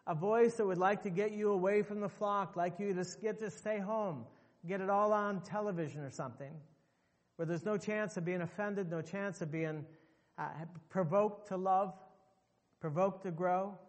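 Man, pastor, emphatic sermon, repeated phrases, high pitch, long church reverb. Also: steady tone, moderate pace.

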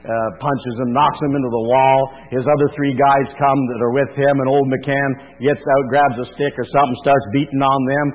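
A man's voice: mid-range voice, flat delivery, moderate pace, few pauses. A male pastor preaching a sermon in a folksy, conversational storytelling manner. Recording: thin phone-like sound in a reverberant hall with mains hum.

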